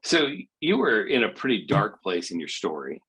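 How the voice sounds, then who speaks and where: A man's voice: on the low side, very animated, normal speed, fairly bright tone, breathy edge, rough recording. A man hosting a church interview, asking easygoing questions to prompt his guest. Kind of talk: conversational interview.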